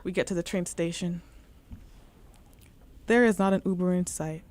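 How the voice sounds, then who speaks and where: A woman's voice: on the low side, moderate pace, a little mellow. A woman co-hosting a radio show, telling a comic story with vivid, dramatic delivery.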